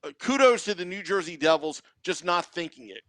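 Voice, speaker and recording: A man's voice: sits high, expressive, a little fast, a bit bright, no room sound. A man co-hosting a hockey podcast, laying out his game analysis point by point. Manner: methodical, list-like analysis. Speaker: podcast co-host. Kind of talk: sports analysis chat.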